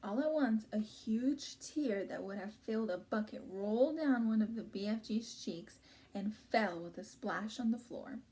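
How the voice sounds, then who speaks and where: A woman's voice: mid-range voice, measured pace, mellow. Chatty woman teacher reading aloud. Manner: chatty, many ums and likes. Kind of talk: read-aloud storytelling.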